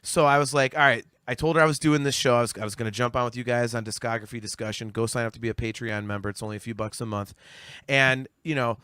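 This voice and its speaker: A man's voice: mid-range voice, fairly even intonation, quick pace, bright, forceful tone, clean tone, dry recording. A man in his forties, a podcast guest in casual discussion, ranting heatedly and profanely with many stammered restarts. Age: 40s.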